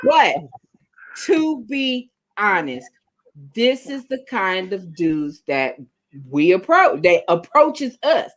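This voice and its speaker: A woman's voice: mid-range voice, very animated, takes it slowly. A woman on a podcast chiming in during casual chat with wry, knowing comments. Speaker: podcast co-host.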